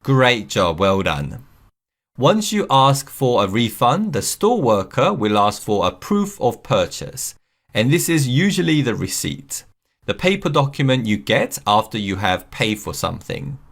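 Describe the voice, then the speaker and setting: Lively-voiced man teaching English phrases. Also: mid-range voice. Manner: slow, clear model phrases for learners to repeat. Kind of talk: scripted lesson narration.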